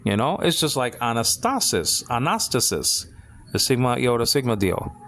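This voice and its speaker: A man giving a casual Bible Greek lesson, halting and full of restarts, often checking that listeners follow. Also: mid-range voice, a bit bright. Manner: keeps asking "you understand what I'm saying?".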